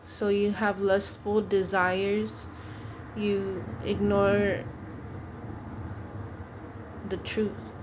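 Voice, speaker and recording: Casting: woman preacher, earnest and pleading, steady narrow pitch, noisy recording. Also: drawn-out words, long pauses. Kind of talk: informal preaching monologue.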